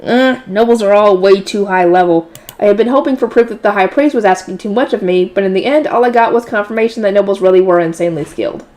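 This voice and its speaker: A woman's voice: medium pitch, quick pace, a little mellow. A woman reading a light novel aloud in a casual way, correcting slips and adding offhand asides. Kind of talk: casual read-aloud narration.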